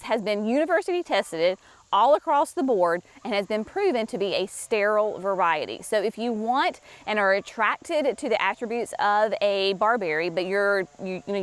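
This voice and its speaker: A woman presenting shrubs at a garden nursery, talking chattily and enthusiastically straight to her viewers. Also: medium pitch. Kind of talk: casual product walkthrough for viewers.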